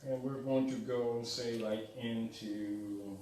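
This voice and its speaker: An emphatic male lecturer who repeats his points and keeps checking in with his class. His voice sits a little high and sounds distant in a very echoey room. A faint hum runs underneath. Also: unhurried. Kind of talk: teaching lecture.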